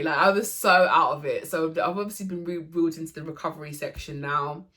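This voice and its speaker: A young woman with a low voice tells a personal story straight to camera. She speaks casually and with emotion, often restarting her sentences and filling gaps with "like". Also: a little fast, few pauses, fairly bright tone. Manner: emotional, lots of fillers and restarts. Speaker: vlogger.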